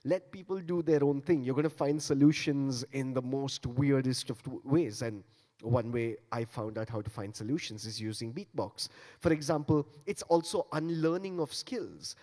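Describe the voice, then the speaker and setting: Speaking at a moderate pace in a dark, medium-pitched voice, a man gives a playful interactive stage talk on beatboxing, coaxing the crowd to participate. The setting is a large conference hall with long reverb.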